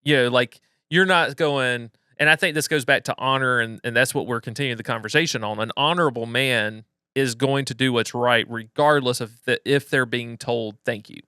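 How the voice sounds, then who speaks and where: A man co-hosting a podcast, talking through his points in a reflective, measured way with frequent restarts. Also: mid-range voice, pushed and bright, smooth, dry recording, studio quality. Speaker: podcast co-host. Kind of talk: casual conversational podcast.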